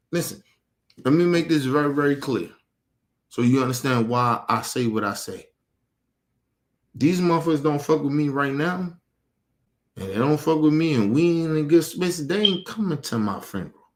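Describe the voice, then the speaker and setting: A man ranting heatedly about his family, angry, emphatic and full of profanity. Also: mid-range voice. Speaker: streamer. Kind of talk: heated personal rant.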